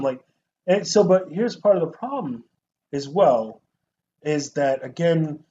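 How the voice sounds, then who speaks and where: A man chatting over a movie on a podcast, his voice sitting a bit high, animated and quick to mimic lines. The sound is muffled with a faint hiss underneath. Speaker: podcast co-host. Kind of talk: casual movie review chat.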